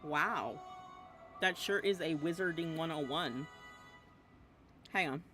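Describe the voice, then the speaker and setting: Over music, a woman with a deep voice talks slowly while streaming a video game, her chatter casual, rambling, and often giggly as she hops between topics. She eats as she talks, mumbling "yum" and "nom" to herself.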